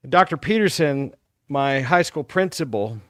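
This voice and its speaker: Lively man in his fifties reminiscing. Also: medium pitch, measured pace, no echo. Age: 50s. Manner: animated, reminiscing storyteller. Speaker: talk show host. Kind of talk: live talk show chat with a caller.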